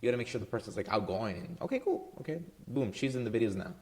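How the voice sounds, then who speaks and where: A man who runs a marketing business gives casual, talking-head advice straight to camera, loose and conversational, tagging points with "right?" and lots of "um"s. His voice is lowish, sing-song, fast, and a little mellow.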